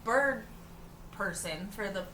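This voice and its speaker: A woman's voice: medium pitch, animated, slow pace, bright, forceful tone. Podcast cohost lady telling a story, laughs a lot, sounds far off in a roomy noisy space. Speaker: podcast co-host. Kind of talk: casual chat. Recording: roomy, from off-mic, with room noise.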